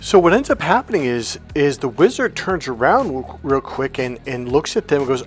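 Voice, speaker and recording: A man's voice: medium pitch, animated, fairly quick, hardly any pauses, faint music behind. A man giving a motivational vlog monologue as a coach, blunt, profane and emphatic. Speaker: relationship coach.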